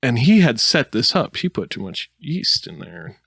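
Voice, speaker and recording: A man's voice: mid-range voice, moderate pace, gravelly, husky, dry recording, clean studio sound. A man co-hosting a podcast, telling a made-up story in casual chat with lots of laughs. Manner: animated storytelling with laughs and silly put-on voices. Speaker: podcast co-host.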